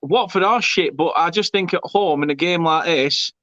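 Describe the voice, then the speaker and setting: A man hosts a live football chat in an easygoing way, reading out viewer comments. His voice sits a little high, and the sound is dull and dry, like a modest webcam mic. The pace stays relaxed and conversational. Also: moderate pace, no echo. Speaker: host. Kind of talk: hosting a live football show.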